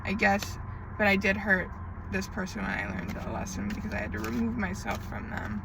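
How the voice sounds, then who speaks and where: A woman's voice: medium pitch, very animated, a little fast, vocal fry, background noise. A woman tarot reader in an emotional diary-style monologue, venting with frequent swearing and emphatic repetition.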